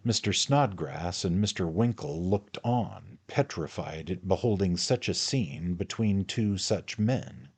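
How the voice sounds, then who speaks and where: A man reading a classic novel aloud in measured, scripted narration. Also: deep voice, animated, husky. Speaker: audiobook reader.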